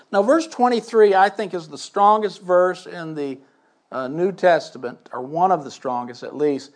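Older man preacher, slightly high voice, emphatic sermon delivery with scripture reading. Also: a little mellow. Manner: emphatic, reads scripture aloud with asides and questions.

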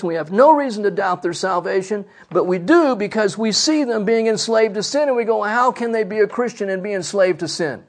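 A man preaching a sermon, emphatic, asking the congregation rhetorical questions. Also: high voice.

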